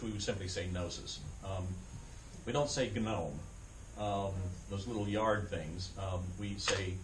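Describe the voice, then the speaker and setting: A man's voice: on the low side, a little hiss or hum. A man giving a church lecture, explaining step by step with frequent ums and uhs and checking that listeners follow. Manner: explanatory, many ums and uhs, asks if it makes sense. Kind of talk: church adult education lecture. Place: church classroom.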